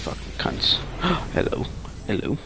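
A man narrating his own online gameplay, swearing, taunting opponents and ranting in frustration. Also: measured pace. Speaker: gamer playing online. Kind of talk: live gameplay commentary. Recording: noisy gameplay capture.

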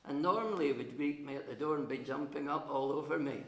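A middle-aged minister with a chesty cough, telling a gentle story to children during a church service, with frequent pauses. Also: male voice, fairly high pitch. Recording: roomy church acoustics.

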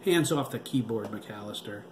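A man's voice: mid-range voice, little pitch movement, normal speed, lightly acted. A man voicing a stern lieutenant colonel who barks curt orders. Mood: commanding. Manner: commanding and curt. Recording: roomy with background noise.

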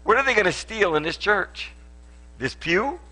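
A man's voice: sits high, animated, moderate pace, pushed and bright, low-quality recording. A man, a pastor giving a playful sermon with a live demonstration, joking and laughing often with lots of restarts, in a church auditorium.

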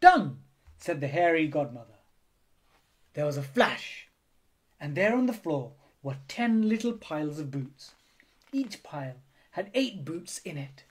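Man reading a picture book, lively and slow. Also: on the high side, breathy edge. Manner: animated, unhurried storytelling. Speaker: storybook reader.

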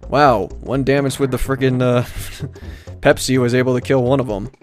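Man streaming a game, casual rambling commentary, jokey, mild swearing, middle pitch, faint game music behind. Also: little pitch movement, moderate pace. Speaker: let's-play streamer. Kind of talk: casual live gameplay commentary.

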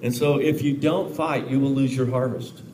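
A man preaching a lively, joking sermon at a church conference, laughing often and building to shouted prayer. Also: medium pitch, normal speed, noisy background. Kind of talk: live charismatic sermon. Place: large church conference hall. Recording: live hall with audible congregation. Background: congregation calling out amens.

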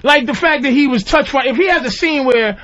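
A man guesting as a comedian on a radio talk show, telling stories in a profane, animated way and acting out voices. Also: very high voice, brisk, highs cut off, slight background noise.

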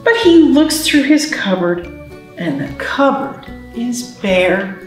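A woman's voice: a little high, big pitch swings, takes it slowly, faint music behind. A woman librarian reading a picture book aloud and teaching signs to babies and parents, in a sing-song storytime manner. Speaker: children's librarian. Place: library, roomy space. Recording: very echoey room, mic at a distance.

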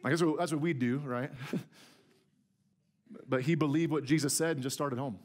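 High-voiced man preaching a sermon. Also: steady tone, moderate pace. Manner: conversational, emphatic, repeats words when starting a phrase. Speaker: pastor. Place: church sanctuary.

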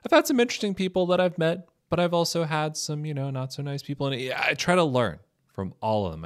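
A man with a lowish voice hosts a casual interview show, cracking jokes and puns as he goes. The sound is dry and close, with no room in it. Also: dry recording. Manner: jokey, playful, punning. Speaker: podcast host.

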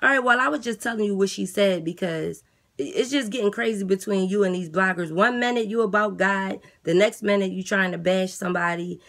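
Woman doing a jail guard, weary, flat, matter-of-fact, dry teasing. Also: medium pitch, brisk, close to an everyday voice. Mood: scolding. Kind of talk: comedy skit character voice.

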